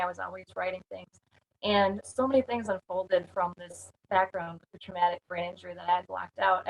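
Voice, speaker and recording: A woman's voice: medium pitch, poor audio. Earnest woman from Minnesota. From Minneapolis area, United States. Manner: earnest, candid, with light laughs. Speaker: songwriting community member giving a testimonial. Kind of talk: spoken testimonial.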